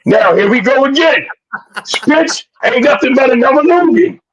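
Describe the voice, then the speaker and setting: A man co-hosting a boxing podcast, loud and preachy, full of slang, sometimes shouting. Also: very high-pitched, expressive, normal speed, lo-fi sound. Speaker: podcast co-host. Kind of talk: animated boxing talk.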